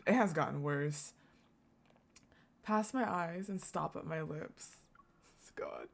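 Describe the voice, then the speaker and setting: A woman's voice: sits low, slow pace, gravelly. Brief: chatty woman streamer, reads aloud, interrupts herself laughing and cursing. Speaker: gaming streamer. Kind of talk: casual story reading with reactions.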